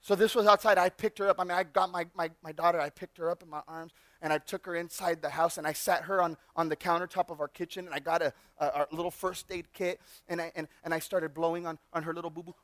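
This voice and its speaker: A male pastor giving a sermon in a church, telling personal stories in an animated way and often restarting his sentences. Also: on the high side, fast talker, hardly any pauses, dry recording, studio quality. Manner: animated storyteller with frequent restarts. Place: church sanctuary.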